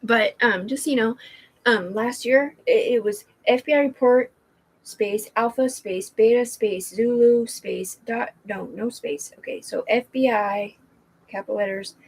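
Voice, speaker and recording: Woman vlogger, husky voice, home livestream, rambling and tangential. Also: on the high side, a little slow, poor audio. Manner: rambling, tangential, with many fillers and restarts. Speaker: vlogger talking to viewers.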